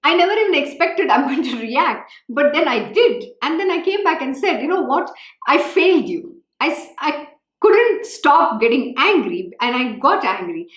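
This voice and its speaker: Fervent woman, lively pitch. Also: moderate pace, reverberant, poor audio. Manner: fervent, emphatic, repeats phrases. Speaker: spiritual teacher. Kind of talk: devotional scripture reading and talk.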